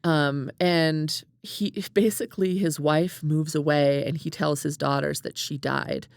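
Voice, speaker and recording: Gravelly-voiced woman retelling a story. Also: sits low, unhurried, no echo, clean studio sound. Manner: animated storytelling, many "like"s. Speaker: podcast co-host. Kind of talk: casual book chat.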